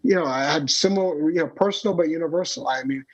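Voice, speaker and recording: A man's voice: a little high, fast. A man who is a storyteller and comedian, a guest on a podcast, talking in casual conversation with many fillers and restarts. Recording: dull lo-fi podcast audio.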